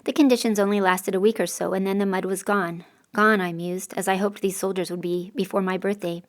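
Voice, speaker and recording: A woman's voice: mid-range voice, steady tone, brisk. A woman reading a first-person novel aloud as an audiobook narrator, with a dry, sardonic delivery.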